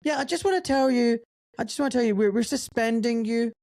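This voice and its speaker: A man putting on a high, falsely polite hospital director. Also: brisk, a little mellow, dry recording, clean studio sound. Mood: breezy. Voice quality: smooth, overly courteous.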